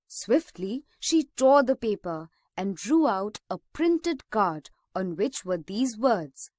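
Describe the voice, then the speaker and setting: A woman teacher reading a story aloud slowly and expressively for a school lesson. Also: medium pitch, big pitch swings, a little mellow, no echo, studio quality.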